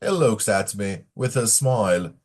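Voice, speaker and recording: A man with a Persian first language reads a simple English story for learners. His delivery is careful and very slow. His pitch rises and falls widely. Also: animated. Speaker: English teacher.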